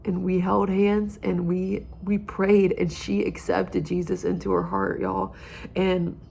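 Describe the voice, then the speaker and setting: A woman's voice: medium pitch, flat delivery, takes it slowly, gravelly, dark tone, slightly rough. A young woman giving an earnest, heartfelt personal testimony about her campus ministry.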